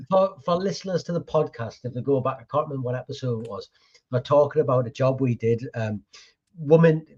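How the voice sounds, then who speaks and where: Husky-voiced man telling casual stories. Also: mid-range voice, lo-fi sound. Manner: lively anecdotes with laughter and colloquial slang. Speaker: podcast host, pest control business owner. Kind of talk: casual storytelling chat.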